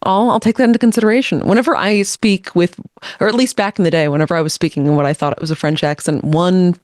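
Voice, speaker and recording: Quick playful young woman. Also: lowish voice, fairly even intonation, darkish tone, no echo, studio quality. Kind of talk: casual chat.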